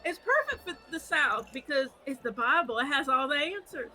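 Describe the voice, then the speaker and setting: Animated high-voiced woman telling a story. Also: normal speed, faint music behind, low-quality recording. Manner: animated, self-deprecating, laughs while telling stories. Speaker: podcast co-host. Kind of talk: casual storytelling chat.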